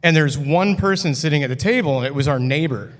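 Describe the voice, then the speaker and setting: Speaking fast in a fairly high register, this man is a guest on a podcast, spinning a story. He's relaxed and profane, leaning heavily on the word "like." The brewery taproom setting carries a long, hall-like reverb.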